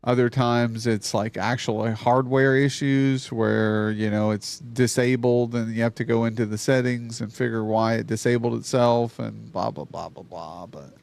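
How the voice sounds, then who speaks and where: A male streamer with a gravelly, creaky voice talks loosely and swears often as he chats with a guest and his viewers. His sound is close and dry, with no room around it. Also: mid-range voice, fairly even intonation, moderate pace, hardly any pauses, a little mellow, no echo. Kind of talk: casual live-stream chat. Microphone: streaming mic on a mixer.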